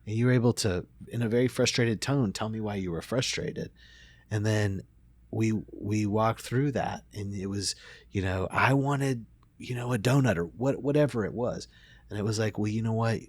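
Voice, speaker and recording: A middle-aged man, a therapist, telling a family story in a relaxed conversation, reflective and full of restarts. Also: fairly low pitch, normal speed, husky, no room sound. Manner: reflective, many restarts and fillers. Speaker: therapist and podcast host.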